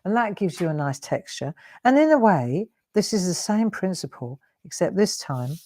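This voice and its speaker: A woman's voice: lowish voice, very animated, normal speed, dark tone. A middle-aged woman hosting a live craft demonstration, talking viewers through her coloring in a chatty, coaxing way. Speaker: craft show host.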